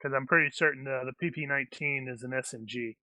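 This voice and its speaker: A man's voice: medium pitch, steady tone, fast talker, sharp tone, no echo. A man acting as game master for a tabletop action game, talking in a rambling way with many restarts.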